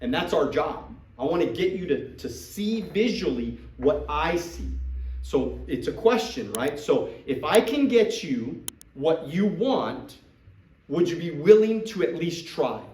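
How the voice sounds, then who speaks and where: Animated man coaching a room. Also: on the high side, measured pace, echoey room, distant mic, rough recording. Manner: animated, acts out sales dialogues. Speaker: business trainer coaching recruits. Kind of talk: live coaching talk to a group.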